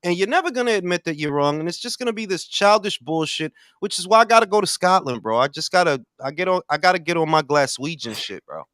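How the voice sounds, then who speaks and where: Man co-host, profane animated ranter, lively pitch, dry mic. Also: fast talker, hardly any pauses, smooth, dry recording. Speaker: podcast co-host. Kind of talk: casual boxing talk.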